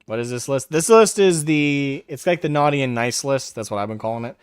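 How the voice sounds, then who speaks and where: A man's voice: medium pitch, brisk, clear, resonant tone, dry recording, clean studio sound, faint music behind. A man hosting a live stream, talking in a brash, mocking way and taunting people in a raised voice. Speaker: livestream host. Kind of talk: casual livestream commentary.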